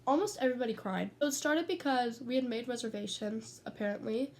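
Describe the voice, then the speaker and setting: A woman's voice: a little high, fairly quick, darkish tone. A teenage girl rambling casually, telling stories and swearing freely, speaking from her bedroom. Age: teens. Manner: chatty, sidetracked, swears freely. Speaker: vlogger. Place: bedroom at home.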